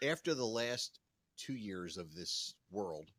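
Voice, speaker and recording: A man from Pennsylvania co-hosting a podcast, tossing off quick, crude jokes in casual banter. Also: on the low side, lively intonation, a bit bright. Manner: wisecracking, quick jokey asides. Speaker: podcast co-host.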